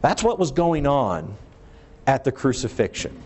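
A man's voice: medium pitch, very animated, unhurried, a little mellow, husky. A middle-aged man preaching a sermon, emphatic, asking rhetorical questions and letting his voice rise and fall for emphasis.

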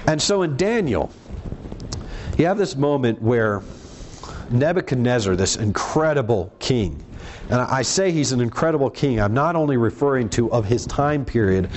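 A man with a medium-pitched voice preaches a sermon earnestly and emphatically, reading scripture aloud. He slows down on the words he wants to stress. There's a little hiss or hum in the recording.

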